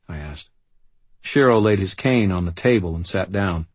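A man's voice: sits low, expressive, moderate pace, husky, dry recording. A man giving dry, wry first-person narration for an audiobook.

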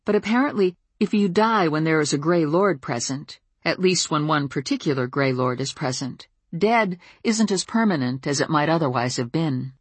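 A woman reading a first-person story aloud, calm, wry and measured. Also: sits low, slightly rough, no room sound. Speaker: audiobook narrator. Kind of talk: first-person scripted narration.

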